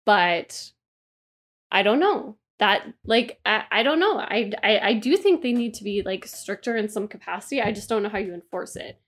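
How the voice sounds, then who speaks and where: A woman's voice: mid-range voice, expressive, normal speed, fairly bright tone. A woman co-hosting a casual podcast chat, rambling with lots of fillers and swearing freely. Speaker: podcast co-host.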